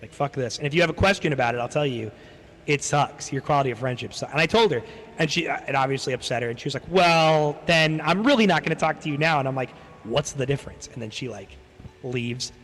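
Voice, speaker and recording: A man's voice: mid-range voice, fast, a bit bright. A man streaming and telling a long casual story, swearing freely and acting out the people he quotes. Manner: rambling, swears a lot, acts out quoted people. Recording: long hall reverb.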